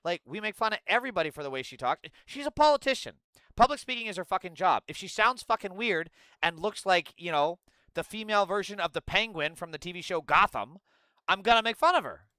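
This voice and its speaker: Male commentator, sarcastic and profane, with a crisp, dry sound. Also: high voice, animated, brisk, pushed and bright, dry recording. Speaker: political commentator. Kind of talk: ranting political commentary.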